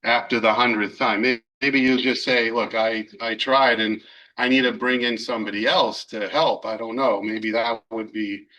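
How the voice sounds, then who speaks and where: Bright-voiced rabbi teaching a class. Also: male voice, medium pitch, steady tone, moderate pace, low-quality recording. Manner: conversational, hesitant fillers, takes questions from students. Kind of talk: classroom Torah lesson.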